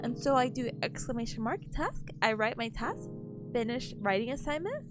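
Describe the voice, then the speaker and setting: A woman's voice: a little high, sing-song, moderate pace, music in the background. A young woman streaming as a VTuber, chatting playfully with her viewers, giggly and a little sniffly. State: sniffly, voice a bit worn. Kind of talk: casual chat with stream chat.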